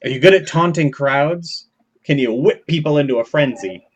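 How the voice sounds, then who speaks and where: A man voicing a quick-talking, raspy tattooed carnival woman who is sly and curt. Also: on the high side, a little hiss or hum, voice pushed up, close to an everyday voice.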